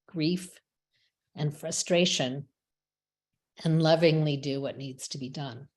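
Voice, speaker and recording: A woman giving a measured, reflective prepared talk as a webinar speaker, with small restarts now and then. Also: sits low. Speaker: rabbi and chaplain speaker. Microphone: webinar microphone.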